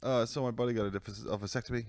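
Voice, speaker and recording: A man's voice: medium pitch, steady tone, very fast, darkish tone, no echo, clean studio sound. A man co-hosting a podcast, bantering and cracking jokes in casual chat. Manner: joking, throws in silly voices and asides. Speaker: podcast co-host.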